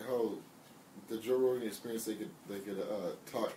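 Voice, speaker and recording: A man's voice: lowish voice, steady tone, normal speed, warm tone. A teenage young man in casual podcast chat, trading crude teasing banter. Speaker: podcast co-host. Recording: echoey room, distant mic, background noise.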